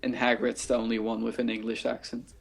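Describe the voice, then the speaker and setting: A young man with a gravelly, fry-tinged voice trades jokes in a casual podcast chat with friends. His talk is playful and rambling, at an ordinary pitch for a man. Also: level tone, brisk. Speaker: podcast co-host.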